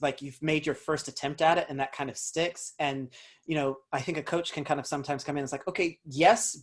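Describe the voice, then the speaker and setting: A man from North Carolina with a light Southern accent, a dialect coach thinking aloud as he answers interview questions. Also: fairly high pitch. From North Carolina, USA. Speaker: actor and dialect coach, guest.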